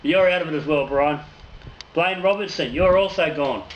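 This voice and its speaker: Man, home brewer, casual jokey swearing, fairly high voice, roomy echo, background noise. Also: moderate pace, muffled recording. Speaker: home brewer and channel host. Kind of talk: casual raffle draw and brewing chat. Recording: echoey room with noticeable noise.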